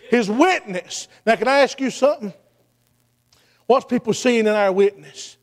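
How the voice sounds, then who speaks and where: A man preaching a sermon in a rhythmic cadence, dropping "uh, hey" between phrases and building to shouted exhortation. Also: extremely high pitch, normal speed. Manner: chanting preacher cadence with frequent "uh, hey" fillers.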